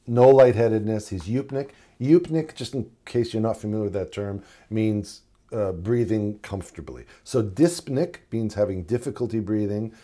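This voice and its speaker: A man's voice: fairly low pitch, dark tone. A middle-aged man teaching a recorded paramedic lesson in a conversational way, acting out short exchanges with patients. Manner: conversational, acts out patient dialogue. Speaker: paramedic instructor.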